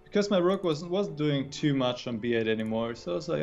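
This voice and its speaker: A man's voice: on the high side, animated, fairly quick, a little mellow, muffled recording, soft background music. A chess grandmaster on a livestream, explaining his moves patiently in casual chat, often restarting his sentences.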